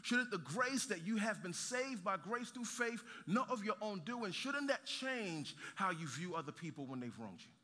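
High bright voiced guy preaching, lively, jokes and questions, big echoey hall. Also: normal speed, hardly any pauses. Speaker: pastor. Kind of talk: sermon. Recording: reverberant hall.

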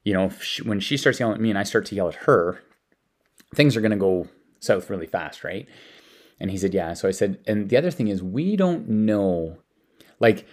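Deep-voiced man telling stories. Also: animated, moderate pace, a little mellow. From Canada. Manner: rambling, with frequent repeated words and restarts. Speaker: parent telling life-lesson stories. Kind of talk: casual storytelling.

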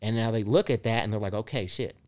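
A man's voice: on the low side, fast, clean tone. A middle-aged man, a motivational speaker, chatting casually on a podcast, acting out dialogue in his stories and swearing freely. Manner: animated storyteller who acts out dialogue, swears freely.

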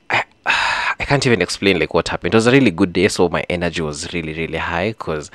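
A man's voice: low-pitched, fairly bright tone, no echo. A young Kenyan man with a Kenyan accent hosting a solo podcast, chatting casually and mixing in slang and Swahili phrases. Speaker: podcast host.

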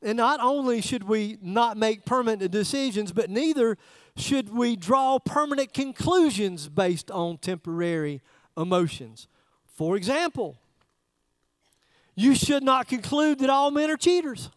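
A man's voice: very high-pitched, a little slow, dry recording. A man preaching a sermon in a church service, talking conversationally and putting direct questions to the congregation. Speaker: pastor.

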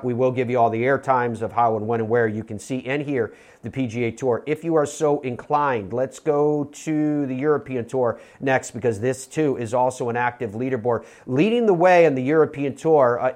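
A man's voice: mid-range voice, a little mellow. A man hosting a golf radio show, talking casually, reeling off names and often restarting his sentences. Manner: rambling, self-correcting, reels off names. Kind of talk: casual sports radio talk.

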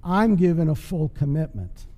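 A man's voice: fairly high pitch, sing-song, moderate pace, mellow, voice pushed down. A man voicing a wry farm pig who makes a dry, pointed remark in a sermon story. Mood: knowing. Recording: long hall reverb.

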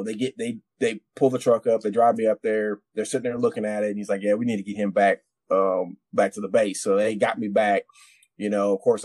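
A man's voice: fairly low pitch, a little mellow, no echo. A man, a military veteran, tells a war story on a podcast in a rambling, profane way, with many restarts. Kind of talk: casual storytelling.

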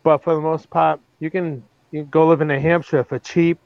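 A man's voice: on the high side, level tone, a little fast, creaky, no echo. A man with a Boston accent calling in from outside, talking bluntly and plainly about his area. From Massachusetts. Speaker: caller, field reporter. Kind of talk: casual phone-in report. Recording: dry, dull lo-fi call audio.

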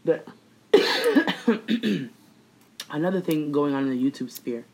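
A woman's voice: low-pitched, big pitch swings, slow pace, creaky, slight background noise, low-quality recording. A young woman co-hosting a casual gossip chat, blunt and profane, laughing often.

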